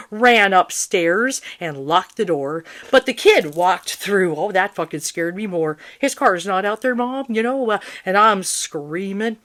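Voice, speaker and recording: A woman's voice: mid-range voice, fairly bright tone. Middle-aged woman, psychic vlogger; agitated, profane, repetitive rant to camera, mid-range voice. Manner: agitated, swearing, repetitive ranting. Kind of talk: emotional monologue to viewers.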